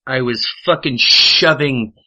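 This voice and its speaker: A man's voice: medium pitch, slow, sharp tone, lo-fi sound. A man telling rambling, profane anecdotes in casual chat, with lots of fillers and swearing. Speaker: podcast storyteller.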